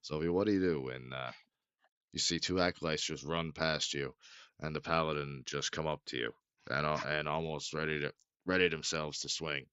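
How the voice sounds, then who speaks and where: A man voicing a stern penitent male paladin who asks rushed, halting questions, on a dull lo-fi mic. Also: rumbling low, fairly even intonation, pushed and bright, clean tone, dry recording. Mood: pressing.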